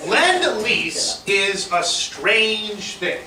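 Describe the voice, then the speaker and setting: A man teaching history as a lively lecture, telling it like a story and acting out what people said, with fillers along the way. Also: sits high, very slow. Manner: animated storytelling with fillers, acts out quotes. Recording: roomy echo, distant mic, faint hiss.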